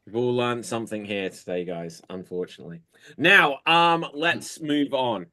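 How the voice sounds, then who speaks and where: A man with a middle-pitched voice hosts an online comedy show. He sets up each round briskly and draws out his sign-offs. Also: expressive, bright, forceful tone. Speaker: host. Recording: video call audio.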